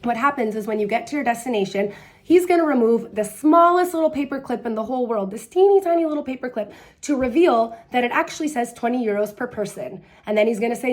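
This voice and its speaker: A woman's voice: a little high, quick pace. A woman from the United States giving travel advice in a casual vlog, blunt and sarcastic, telling stories in a chatty way. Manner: chatty, animated storytelling with quoted voices. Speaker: travel vlogger.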